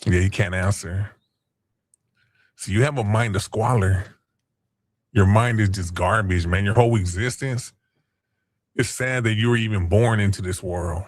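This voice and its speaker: A man's voice: on the low side, unhurried, long pauses. A man hosting a casual livestream, taunting chat users in crude, profane slang. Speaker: stream host.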